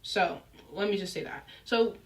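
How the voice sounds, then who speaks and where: A young adult woman telling a personal story in a casual, chatty way, full of fillers and animated asides. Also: medium pitch, normal speed, far from the mic. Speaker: storyteller vlogger.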